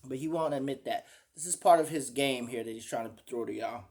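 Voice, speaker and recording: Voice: medium pitch, a little fast, a little mellow. A commentator reacting to a clip, indignantly calling the speaker out, swearing and asking the viewers "y'all hear it?".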